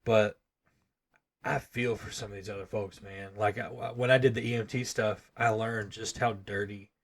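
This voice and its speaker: A man's voice: on the low side, steady tone, moderate pace. Man, podcast co-host, casual chat, laid-back, laughs a lot.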